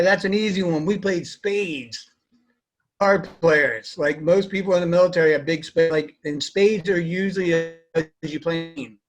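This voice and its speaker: A young man, an army veteran, answering interview questions in a rambling, casual way with many fillers. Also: a little high.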